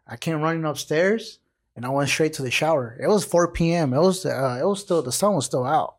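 A man's voice: on the high side, expressive, fairly quick. A man in his late twenties hosting a podcast, telling a story in casual street slang with lots of swearing. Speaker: podcast host.

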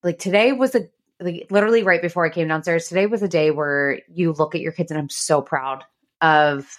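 A woman's voice: deep voice, fairly quick. A woman hosting a podcast, chatting candidly and swearing freely as she tells stories about parenting. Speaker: podcast host. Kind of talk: casual chat.

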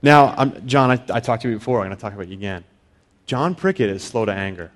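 A middle-aged man giving a sermon in a relaxed, conversational way. He often restarts with repeated words and briefly acts out other people's inner voices. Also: fairly low pitch, fast. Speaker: preacher.

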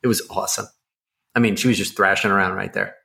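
A man co-hosting a podcast, telling a story in a casual, excitable, rambling way with lots of fillers. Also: on the low side, quick pace, vocal fry. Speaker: podcast co-host.

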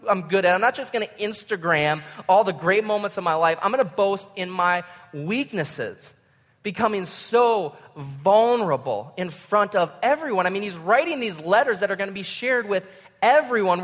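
A man's voice: sits high, animated, normal speed, fairly bright tone. A young man preaching a sermon in a conversational, self-mocking storytelling way. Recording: long hall reverb.

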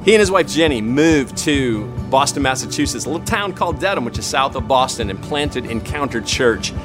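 Brief: male church pastor, upbeat stage intro, clear music underneath. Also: medium pitch, animated, a little fast. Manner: upbeat, warm praise.

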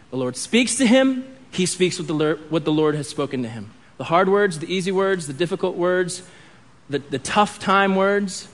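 A man with a notably high voice preaching a sermon. He speaks expressively and drops to a hushed tone on key points. He acts out the dialogue when he reads scripture. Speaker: pastor.

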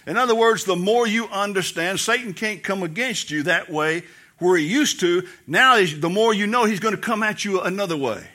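A man's voice: high-pitched, moderate pace, bright, forceful tone. A man preaching a sermon as pastor, telling stories and acting out voices in the quotes. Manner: storytelling preacher, acts out quotes, laughs.

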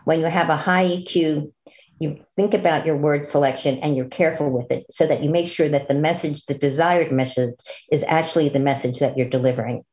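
A woman with a low, warm voice delivers a medical lecture to clinicians. She sounds earnest and instructive, now and then stumbling into a filler or restart. The recording is dull and lo-fi. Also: steady tone, a little fast. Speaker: physician lecturer.

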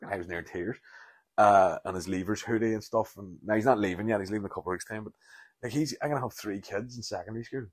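A man's voice: lowish voice, fast, dry recording. A Northern Irish comedian in his forties, rambling candidly and sweary through a solo podcast monologue, self-deprecating and frank. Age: 40s.

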